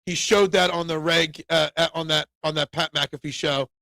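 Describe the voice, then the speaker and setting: A man's voice: on the high side, fairly even intonation, normal speed, vocal fry, no room sound. A man hosting a casual sports talk show, reading viewer comments and getting opinionated and worked up. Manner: opinionated, gets loud and worked up.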